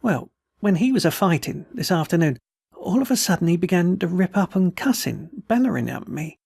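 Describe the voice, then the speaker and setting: A man's voice: sits high, big pitch swings, moderate pace, gravelly, a little mellow, husky, dry recording, clean studio sound, voice pushed up, exaggerated voice. A man voicing a wounded, tattered male soldier who rambles in a folksy, slurred, way. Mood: rambling. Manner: folksy, pleading, words slurred.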